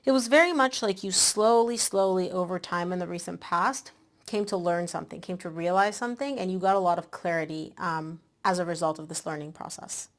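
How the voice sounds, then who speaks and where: A woman host giving a casual tarot reading, chatty and animated, a bit out of breath. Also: fairly low pitch, fairly quick. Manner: chatty, animated, with many "like" and "um" fillers. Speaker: tarot reader.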